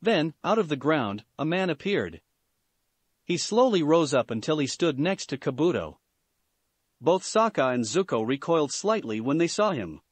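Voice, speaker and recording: A man narrating a fan fiction story in a plain, steady reading voice. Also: a little high, normal speed, husky, no room sound.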